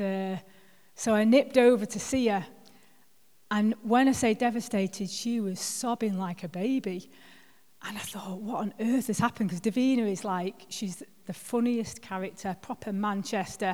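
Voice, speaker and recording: A woman's voice: medium pitch, steady tone, unhurried, a little mellow. Woman guest preacher, casual self-deprecating storyteller; long hall reverb. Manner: chatty, self-deprecating storyteller with filler words. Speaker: guest speaker. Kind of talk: sermon with personal stories. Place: church hall.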